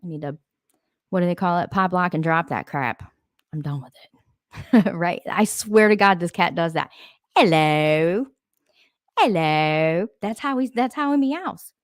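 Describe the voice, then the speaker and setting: A woman's voice: on the low side, lively intonation, normal speed, no room sound, clean studio sound. A woman hosting a casual live stream, talking to viewers, answering their comments and laughing often. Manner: laughs often, rambling asides.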